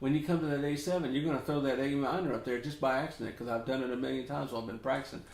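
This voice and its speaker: A man's voice: mid-range voice, steady tone, rapid-fire, creaky, darkish tone. A middle-aged man from Memphis with a Southern US accent, rambling in a folksy, chatty way as he teaches ukulele at home, often chuckling. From Memphis, Tennessee. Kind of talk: casual chatty tutorial. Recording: roomy echo.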